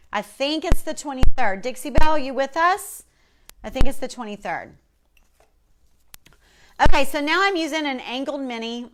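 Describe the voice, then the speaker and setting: A woman's voice: fairly high pitch, fairly bright tone. A woman hosting a casual livestream from her workshop, chatting and reading viewer comments aloud as she paints. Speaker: host.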